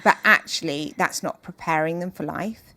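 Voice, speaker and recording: Woman guest talking things through, low voice with some fry, dry close mic. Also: bright, forceful tone, no room sound. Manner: earnest, measured and openhearted. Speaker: podcast guest, author. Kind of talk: reflective interview conversation.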